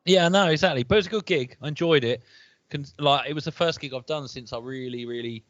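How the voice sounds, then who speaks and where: A comedian from England co-hosting a podcast over a video call, rambling through stories and acting out quotes in high voices. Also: male voice, fast talker, fairly bright tone, no echo. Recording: muffled, dry call audio.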